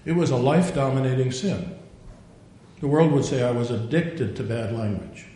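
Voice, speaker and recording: A man's voice: normal speed, warm tone. An older man preaching a sermon, a digressive storyteller who acts out the quotes he tells. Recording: very echoey room, faint rumble.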